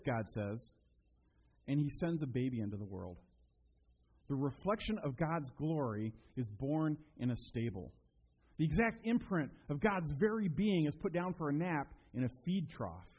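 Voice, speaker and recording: A man's voice: a little high, measured pace, breathy edge, low-quality recording. A man preaching a sermon to a congregation, telling stories and acting out quoted voices as he goes. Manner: animated storytelling, acts out quotes. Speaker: pastor.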